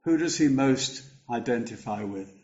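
An older man preaching a sermon, slow and measured, lifting his voice for emphasis. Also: mid-range voice, expressive, darkish tone, lo-fi sound.

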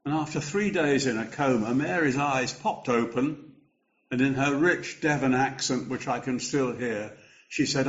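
An older man preaching a sermon, slow and measured, lifting his voice for emphasis. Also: mid-range voice, lo-fi sound.

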